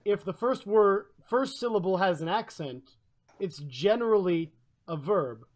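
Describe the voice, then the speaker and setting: A man's voice: high voice, lively intonation, a little slow. A man hosting a casual group chat, confidently laying out language rules. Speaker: podcast host.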